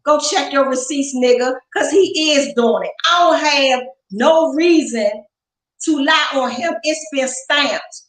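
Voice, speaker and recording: A woman with a high voice speaks as an interview guest, fiery and confrontational. She swears freely and stresses her points hard. The sound rings with a roomy echo. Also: slow pace. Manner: fiery, profane, emphatic, confrontational. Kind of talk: heated interview rant.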